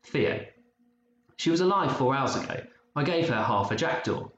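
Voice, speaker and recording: A man's voice: medium pitch, animated, normal speed, a bit bright, voice pushed up, close to an everyday voice. Man doing a frantic young boy. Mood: distraught. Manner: breathless, urgent pleading. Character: young boy, frightened but loyal friend. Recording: muffled roomy recording, faint hiss.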